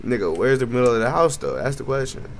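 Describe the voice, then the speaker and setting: A young man hosting a gaming let's play, talking in excitable, slangy bursts and telling funny stories to his friends over a headset. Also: mid-range voice, fast talker, vocal fry, a little hiss or hum. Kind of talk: casual gaming banter.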